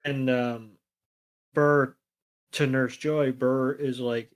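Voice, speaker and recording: A podcast co-host recaps a cartoon episode, speaking very slowly at medium pitch with little pitch movement and long pauses. His retelling is sarcastic and heavily profane, complete with mock voices.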